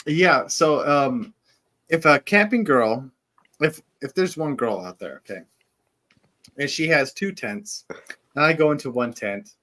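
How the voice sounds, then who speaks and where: Slow, joking man telling a rambling bit. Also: on the high side, expressive, fairly bright tone. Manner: joking, drawn-out storytelling with laughs. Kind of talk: casual podcast chat.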